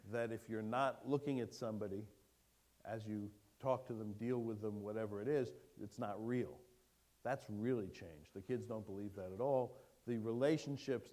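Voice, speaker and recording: A man giving a keynote lecture to an audience, lively and engaging, putting questions to the room. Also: lowish voice, normal speed. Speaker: keynote speaker. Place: lecture hall before an audience.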